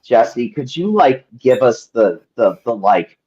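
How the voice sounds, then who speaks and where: A man's voice: mid-range voice, very animated, slow, warm tone, dull audio. Rambling man running a tabletop game. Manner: rambling, full of ums and likes. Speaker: game master.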